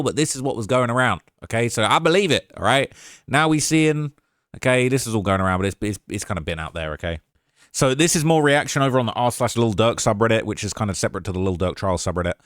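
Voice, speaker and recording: A man's voice: medium pitch, quick pace, dry recording. Man reacting to online comments, dry sound. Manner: animated, often tags lines with "all right?". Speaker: commentary channel host. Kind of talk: casual reaction commentary, reading comments aloud.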